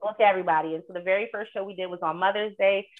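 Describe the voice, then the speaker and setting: A woman's voice: mid-range voice, steady tone, rapid-fire. A woman comedian chatting casually on a podcast, telling stories animatedly and acting out her own quotes. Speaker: stand-up comedian and show producer. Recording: tinny phone-like line.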